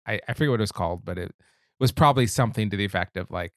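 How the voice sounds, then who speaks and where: A man's voice: fairly low pitch, rapid-fire, fairly bright tone, no echo, studio quality. Laid-back man co-hosting a film podcast. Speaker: podcast co-host. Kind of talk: casual film discussion.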